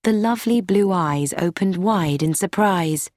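A woman narrating an audiobook in a calm, measured way. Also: fairly low pitch, dry recording, clean studio sound. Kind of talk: scripted narration.

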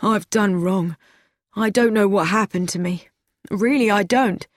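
A woman's voice: mid-range voice, unhurried, no room sound, studio quality, close to an everyday voice. A woman reading an audiobook, voicing a sad, anxious young man who pleads and pities himself. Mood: remorseful. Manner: pleading, self-pitying.

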